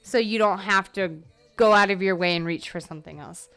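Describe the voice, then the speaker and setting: A woman's voice: mid-range voice, a little fast, fairly bright tone, smooth, faint music behind. A tired young woman talking through her workday on a solo podcast, rambling off topic with lots of fillers. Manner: rambling, self-interrupting with fillers. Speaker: podcast host. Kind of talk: casual solo podcast monologue.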